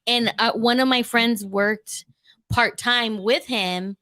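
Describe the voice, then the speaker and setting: Woman in her 40s, podcast host, bright forceful voice, swears a lot, laughs easy. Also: fairly high pitch, steady tone, slow, no room sound. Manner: candid, profane, laughs often. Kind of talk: casual chat.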